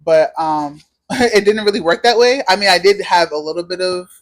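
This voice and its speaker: A woman's voice: lowish voice, normal speed. Rambling young woman guest, lots of fillers. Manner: rambling, heavy use of "like" fillers. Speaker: podcast guest, knitwear designer. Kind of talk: casual interview chat.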